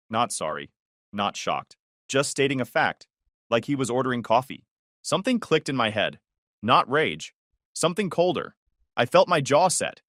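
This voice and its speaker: A man's voice: mid-range voice, sing-song, normal speed, a bit bright, dry recording. A man narrating a first-person story in short, terse sentences, on a close, dry mic.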